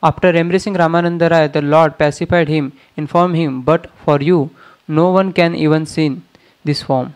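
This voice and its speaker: A man reading verse translations aloud in a plain, steady way during a devotional lecture. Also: a little high, normal speed.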